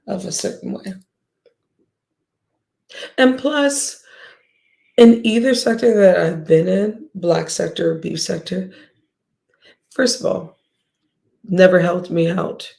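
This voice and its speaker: A woman's voice: on the low side, slow pace, gravelly, long pauses, a little mellow. A woman hosting a livestream, ranting bluntly and profanely at her viewers with scoffs and sighs. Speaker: livestream host.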